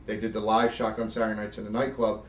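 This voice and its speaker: Recorded from a distance in a roomy space, a middle-aged man with a voice on the low side talks quickly. He's a South Jersey former wrestler being interviewed, telling animated stories laced with casual swearing and acted-out, vivid quoted dialogue.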